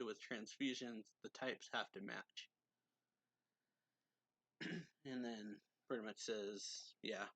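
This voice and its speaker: A man's voice: lowish voice, little pitch movement, slow pace, long pauses, fairly bright tone, dry recording. A man recapping a manga chapter in a casual way, reading characters' lines aloud with a slight lift and laughing often. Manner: reads quotes in a slightly raised voice, laughs often. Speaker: manga reviewer.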